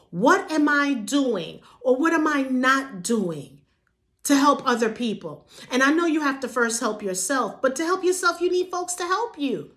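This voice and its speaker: A woman from New York hosting a passionate monologue to camera, in casual vernacular, firing off repeated rhetorical questions. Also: fairly bright tone. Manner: casual vernacular, sudden jumps in pitch. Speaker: vlog host.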